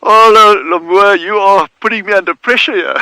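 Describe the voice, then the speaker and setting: A man guiding a live wildlife broadcast outdoors, talking in a relaxed, chatty way and laughing easily. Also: high voice, normal speed, smooth, no echo, low-quality recording. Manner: easygoing, chatty, laughs readily. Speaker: wildlife guide. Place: outdoors near meerkat burrows.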